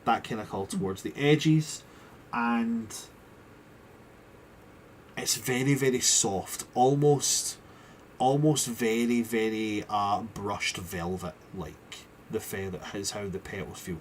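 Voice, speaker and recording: A man's voice: lowish voice, takes it slowly. Guy dm-ing a tabletop game, rambly and self-mocking, faint hiss behind. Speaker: game master.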